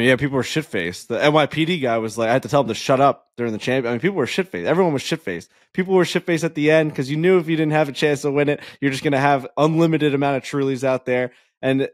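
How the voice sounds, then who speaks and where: Laughing, animated male podcast host. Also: medium pitch, dry recording, studio quality. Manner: animated storytelling, laughs often. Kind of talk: casual chat.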